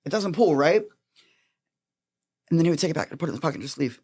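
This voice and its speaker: A man from Florida, a magician guest on a podcast, telling animated stories with frequent laughs. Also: on the high side, quick pace, slightly rough. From Florida, USA. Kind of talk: casual podcast chat.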